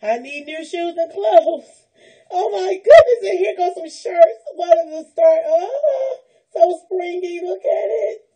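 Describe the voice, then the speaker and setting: High-voiced lady unboxing gifts, mellow tone, squealing, near tears, praising the lord. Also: expressive, slow pace, low-quality recording. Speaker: vlogger opening a gift package. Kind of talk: unboxing vlog, emotional chat.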